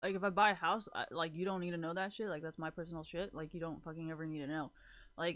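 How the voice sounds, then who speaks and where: A young woman in her twenties, speaking in a somewhat low voice, rants to her viewers in a loose, rambling way. She swears freely and fills almost every sentence with "like.". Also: steady tone, quick pace, a bit bright. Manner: profane, rambling, says "like" constantly. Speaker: vlogger. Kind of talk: casual rant to viewers.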